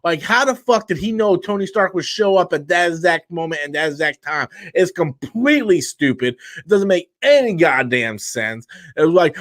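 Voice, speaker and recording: A man's voice: a little high, expressive, normal speed, few pauses, fairly bright tone, dry recording. A tired man hosting a live stream, ranting bluntly and profanely in a loose, rambling casual way.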